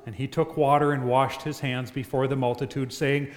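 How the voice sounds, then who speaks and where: A man's voice: mid-range voice, flat delivery, normal speed, few pauses, reverberant, in a large hall. Solemn man reading scripture in a church. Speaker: scripture reader.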